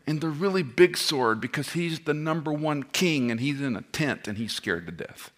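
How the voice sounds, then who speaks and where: A middle-aged man preaching a sermon, impassioned, swinging between loud cries and hushed tones, with self-deprecating asides. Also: mid-range voice, animated, normal speed. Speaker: pastor.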